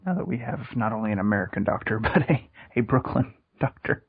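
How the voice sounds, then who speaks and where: A man co-hosting a casual comedy podcast, laid-back, with dry deadpan comebacks. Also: lowish voice, fairly quick, breathy edge, phone-quality sound. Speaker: podcast co-host.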